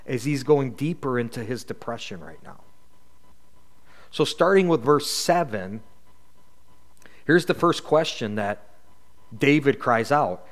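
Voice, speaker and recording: A man teaching from scripture in a sermon, reading verses aloud and asking reflective, rhetorical questions. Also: on the high side. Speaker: Bible teacher.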